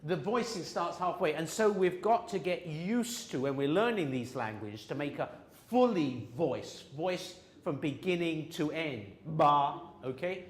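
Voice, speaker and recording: Guy lecturing a class on pronunciation, voice goes up and down a lot, kinda high, echoey room. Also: expressive, unhurried, hardly any pauses. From England. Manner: jokey, demonstrates sounds aloud. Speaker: language teacher.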